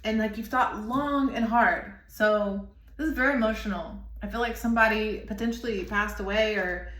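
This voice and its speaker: This tarot reader, a woman in her thirties, speaks at normal speed with a medium pitch and fairly bright tone. Her intuitive reading, recorded in an echoey room, is emotional and rambling as she gropes for words.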